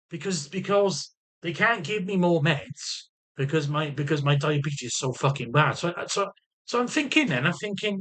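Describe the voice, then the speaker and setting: A Welsh man talks straight to camera in a loose, rambling vlog, swearing freely and stumbling over restarts. His voice sits a little higher than most men's. He sounds blunt and sardonic. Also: very animated, brisk, fairly bright tone, slightly rough. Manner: rambling and profane, with frequent restarts. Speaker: vlogger. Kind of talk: casual vlog monologue.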